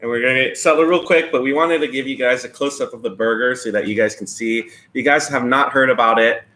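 This mukbang live-stream co-host talks fast in a pushed, bright, medium-pitched voice. Indoors, with dimmed lights behind, he greets viewers by name, chats casually and teases his partner during the eating stream.

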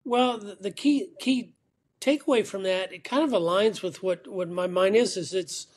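Man, guest, high voice, talkative, storytelling, remote call. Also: moderate pace. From Atlanta, Georgia. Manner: talkative, storytelling with repeated restarts. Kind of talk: casual interview chat.

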